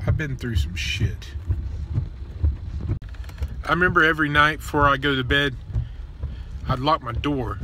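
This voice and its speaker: A man's voice: fairly high pitch, unhurried, long pauses, noisy background. A man vlogging, telling personal stories in a blunt, crude, joking and then earnest way, outdoors near a road. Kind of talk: casual personal storytelling.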